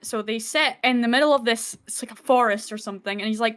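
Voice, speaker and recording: A woman's voice: on the high side, fairly even intonation, a little fast, a bit bright, clean tone. A woman co-hosting a podcast, casually retelling film scenes with lots of swearing and acted-out quotes. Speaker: podcast co-host.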